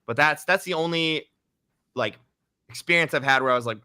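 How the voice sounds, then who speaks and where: A man's voice: on the high side, fairly quick, bright, forceful tone, clean tone, no room sound, studio quality. A man being interviewed about his writing, talking casually with many fillers and restarts. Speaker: guest author.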